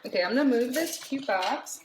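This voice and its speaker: A woman's voice: a little high, lively intonation, brisk, noisy background. Gushing young woman unboxing gifts. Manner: gushing, giggly, reads product labels aloud. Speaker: subscription box reviewer. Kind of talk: casual unboxing chat.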